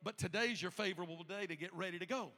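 A man preaching a sermon as pastor of the church, moving from quiet storytelling to loud, shouted calls to the congregation. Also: sits high, fast talker, in a large hall. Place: church sanctuary.

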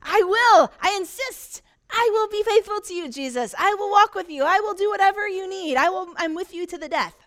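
A woman preacher voicing an eager grown man, a disciple, who loudly insists on his loyalty. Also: extremely high pitch, animated, brisk, few pauses, pitched above the performer's own voice. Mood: insistent. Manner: insistent, loud protesting.

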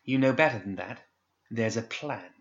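A man's voice: mid-range voice, lively intonation, moderate pace, highs cut off, natural voice. A man voicing a stern, impatient older girl who gives curt, scolding commands. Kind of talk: audiobook character voice.

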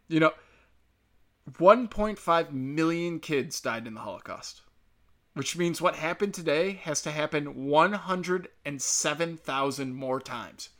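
A man's voice: fairly high pitch, measured pace, fairly bright tone. A man delivering a heated, profane, sarcastic monologue straight to his listeners, mocking and scolding them. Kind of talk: ranting monologue.

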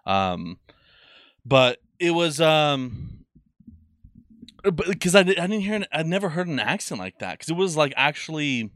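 A man's voice: a little high, sing-song, measured pace, long pauses, fairly bright tone, dry recording, clean studio sound. A man co-hosting a podcast in casual chat, rambling and swearing with lots of filler words. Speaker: podcast co-host.

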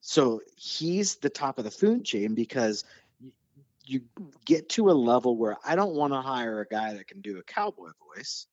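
Speaking at normal speed in a medium-pitched voice, this man hosts a podcast and spins stories in relaxed conversation, getting passionate and nerdy as he goes. The lo-fi recording has no echo.

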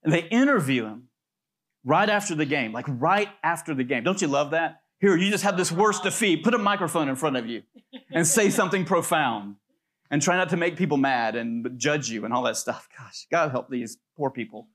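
A man's voice: fairly high pitch, expressive, moderate pace, fairly bright tone. Chatty man preaching a sermon. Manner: conversational storytelling with many fillers. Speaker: pastor.

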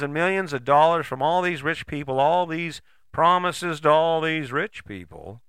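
Male host, bright lively delivery, dry close sound; rambling, rhetorical, casual. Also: fairly high pitch, fairly quick, clear, resonant tone, no echo. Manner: rambling, conversational, rhetorical questions; mild swearing. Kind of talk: casual motivational monologue.

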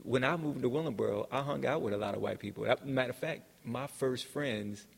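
A man's voice: medium pitch, brisk, creaky, slightly rough, long reverb tail. A man who is a guest on a podcast, reminiscing casually and often agreeing with the host. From New Jersey. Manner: agreeable, backs up the host with frequent yeahs.

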